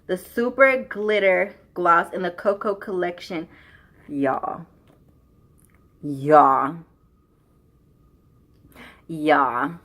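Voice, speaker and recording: A young woman, gushing excitedly through a beauty unboxing vlog and repeating "y'all" and "oh my God". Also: lowish voice, slow pace. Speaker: beauty vlogger.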